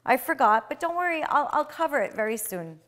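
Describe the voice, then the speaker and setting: A woman's voice: sits high, very animated, fairly quick, a bit bright. A woman voicing a worried, devout male pharmacist in debt, pleading anxiously within a spoken tale.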